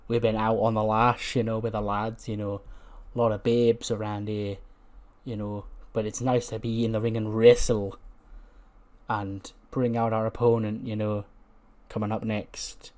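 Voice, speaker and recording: A man's voice: level tone, measured pace, a little mellow, close to an everyday voice. A man doing a laddish bragging wrestler. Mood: boastful. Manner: low, laid-back bragging. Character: laddish male wrestler, boastful party boy.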